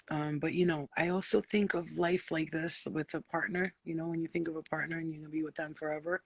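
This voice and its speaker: A woman's voice: deep voice, breathy edge, dry recording. A woman hosting a casual late-night spiritual live chat, blunt and profane, often slipping into playful voices. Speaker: spiritual live-stream host.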